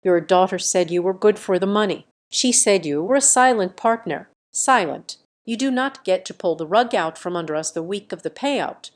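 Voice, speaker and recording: A woman voicing a loud, shrill, aggressive middle-aged woman who screeches threats on a voicemail. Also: lively intonation, moderate pace, hardly any pauses, lightly acted. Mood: furious.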